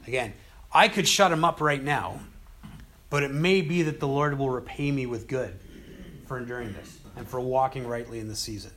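A man teaching a casual Bible study, retelling scripture with conversational, animated storytelling. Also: medium pitch, normal speed.

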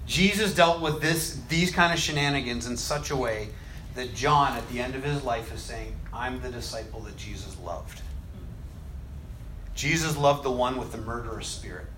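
Animated man telling scripture stories. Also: medium pitch, moderate pace, slight background noise. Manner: animated storyteller, acts out quoted lines, laughs often. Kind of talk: casual faith discussion.

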